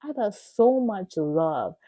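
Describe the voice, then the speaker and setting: A woman's voice: medium pitch, slow, dry recording. Emotional woman sharing a faith testimony. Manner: emotional, animated retelling with gasps and many "like"s. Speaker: podcast host. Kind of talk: personal faith testimony, casual storytelling.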